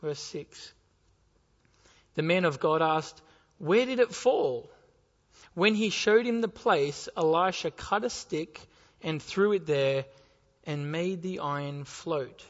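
A man preaches with a higher-than-usual voice, moving from anecdotes into rhetorical questions. His sermon echoes with long reverb through a church hall. The recording is muffled and dull. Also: slow pace. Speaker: pastor.

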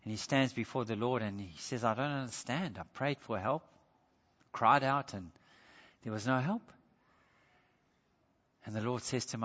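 A man preaching a sermon as pastor, impassioned, swinging from loud emphasis to hushed appeals. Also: mid-range voice, moderate pace, pauses often, long reverb tail, highs cut off.

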